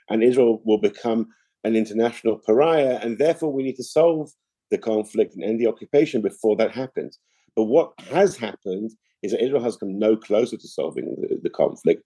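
Middle-aged guy, deep-ish mellow voice, measured interview answers, dry close mic. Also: breathy edge, no echo. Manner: measured, explanatory, with frequent restarts. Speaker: interview guest, political analyst.

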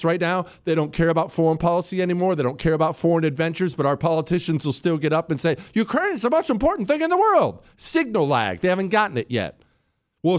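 A man hosting a political talk show, giving a rambling monologue, breaking off mid-sentence and calling out to his crew. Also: high voice. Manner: animated, rambling, self-interrupting; addresses his crew on air.

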